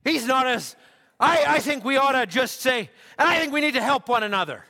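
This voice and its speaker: A man preaching a sermon at a church service, emphatic and repetitive, building to shouts. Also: very high voice, lively intonation, fairly quick, creaky. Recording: church hall with long reverb.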